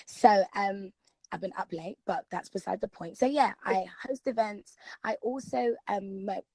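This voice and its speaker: A woman's voice: medium pitch, a little slow, warm tone, dry recording. Bubbly London woman, slightly tired voice. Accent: London English. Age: young adult. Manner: bubbly, laughs often, upbeat self-introduction. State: a little tired voice. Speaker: podcast guest. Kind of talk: casual interview chat.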